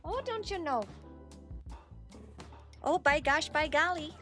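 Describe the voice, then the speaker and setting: A woman's voice: high voice, lively intonation, slow pace, a bit bright, faint music behind, pitched above the performer's own voice, heavily acted. A woman hamming up a folksy Minnesota-accent character. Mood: playful. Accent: Minnesota imitation. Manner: exaggerated sing-song drawl. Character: folksy chirpy Upper Midwest character, adult.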